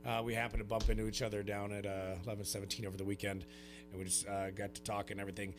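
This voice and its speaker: A man co-hosting a sports radio show, chatting in a relaxed, easygoing way. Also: on the low side, racing, over music. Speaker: co-host. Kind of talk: casual radio chat.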